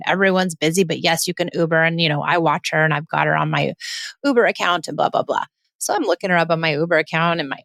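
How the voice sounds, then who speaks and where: A woman in her forties hosting a parenting podcast, telling a family story in a chatty, animated way and acting out the quoted lines. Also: fairly low pitch, no room sound, clean studio sound. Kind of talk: casual storytelling monologue.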